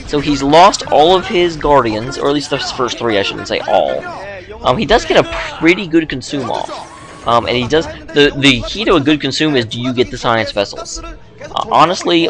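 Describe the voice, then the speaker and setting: A sleepy man, yawning late at night, giving casual play-by-play commentary on a game, chatty and full of joking asides. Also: mid-range voice.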